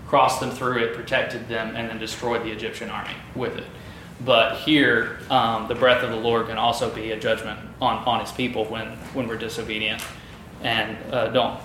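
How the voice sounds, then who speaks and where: A man's voice: mid-range voice, sharp tone. Man teaching a Bible study, echoey room. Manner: thoughtful, with frequent fillers and restarts. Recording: echoey room with light noise.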